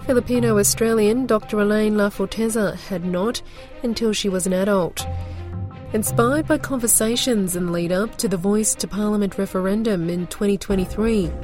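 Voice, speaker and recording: A woman's voice: medium pitch, moderate pace, a little mellow. Woman reading news over music. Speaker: news presenter.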